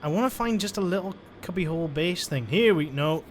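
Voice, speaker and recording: A man's voice: high-pitched, expressive, fairly quick, slight background noise. A man giving chatty, joking commentary while he plays a video game. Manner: chatty, joking, thinks aloud. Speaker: let's-play gamer. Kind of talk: casual gameplay commentary.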